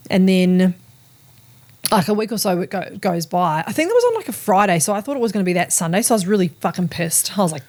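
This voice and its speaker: A woman's voice: medium pitch, quick pace. A woman hosting a podcast, telling a personal story in a candid, casual way, swearing freely and acting out what people said. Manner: candid, swears freely, lively retelling with quoted dialogue. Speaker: podcast host.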